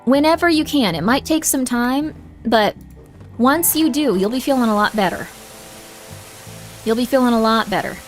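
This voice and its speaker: A woman's voice: a little high, animated, moderate pace, long pauses, faint music behind. A young woman streaming a game, giving viewers motherly advice in a put-on southern drawl and calling them honey. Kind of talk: casual livestream chat.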